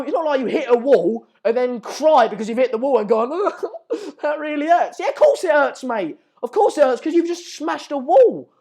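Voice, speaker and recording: A young man hosting a football channel, reacting live to transfer news in an excitable, ranting and mocking way. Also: very high-pitched.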